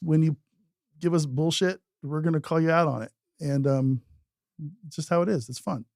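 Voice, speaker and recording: Gravelly-voiced man in blunt podcast banter. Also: a little high, moderate pace, darkish tone, no echo, studio quality. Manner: blunt, joking, plain-spoken. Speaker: podcast co-host. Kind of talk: casual podcast chat.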